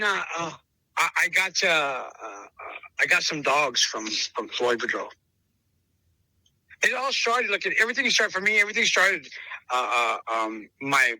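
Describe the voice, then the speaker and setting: Forceful, fast-restarting male storyteller. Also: mid-range voice, no room sound, rough recording. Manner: repeats and restarts words, calls the listener bro and brother. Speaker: dog breeder interviewed on a podcast. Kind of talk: animated storytelling in conversation.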